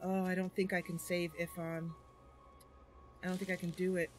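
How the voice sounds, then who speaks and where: Speaking at a moderate pace in a lowish voice with a flat delivery, a woman streams a video game, muttering through her choices and suddenly crying out at mishaps. Soft background music plays throughout.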